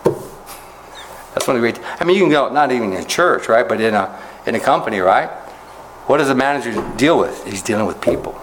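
A man's voice: a little fast, pauses often, a little hiss or hum, low-quality recording. Conversational preaching man, rhetorical questions. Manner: animated rises in pitch when making a point. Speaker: pastor. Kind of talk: expository sermon.

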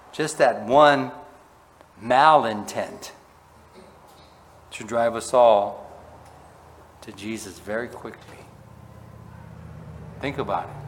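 A man preaching a sermon, asking his listeners questions and swinging between loud emphasis and quiet, low asides. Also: slight background noise. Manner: asks the congregation questions. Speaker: pastor. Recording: long hall reverb.

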